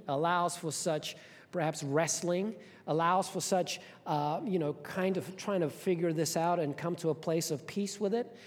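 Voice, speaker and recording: High-voiced preacher in an echoing hall. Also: male voice. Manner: storytelling, animated, conversational asides. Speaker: pastor. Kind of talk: sermon.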